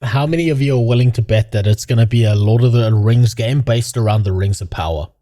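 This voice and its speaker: A man's voice: medium pitch, fairly quick, dark tone. A male streamer ranting casually in a mocking tone, laughing often and rambling. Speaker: streamer host. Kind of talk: casual rant.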